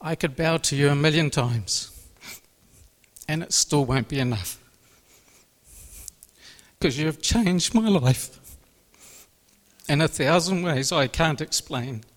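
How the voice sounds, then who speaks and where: A man's voice: on the high side, slow, pauses often. A man giving an earnest, emotional personal faith testimony, repeating phrases as he speaks. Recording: long reverb of a large hall.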